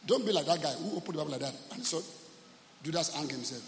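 A pastor delivers a sermon in a reverberant church, his voice a touch higher than most men's. He preaches emphatically and keeps asking his listeners whether they hear him. Faint room ambience sits under the long echo. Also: animated, fast, a little hiss or hum. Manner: emphatic preaching, repeatedly asks the congregation if they are listening. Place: church service. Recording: echoey hall, faint ambience.

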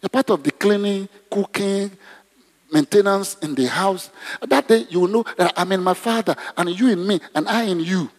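A man's voice: high voice, moderate pace. A man preaching a conversational sermon in a church, often asking the congregation questions. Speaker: pastor. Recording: long hall reverb.

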